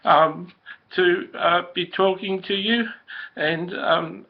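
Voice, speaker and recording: A man giving a gentle, emotional spoken message as if from his late sister, halting with many ums and uhs. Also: high-pitched, fairly even intonation, gravelly. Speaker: prophetic minister speaking as his late sister. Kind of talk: slow spoken channeled message. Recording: dull lo-fi recording.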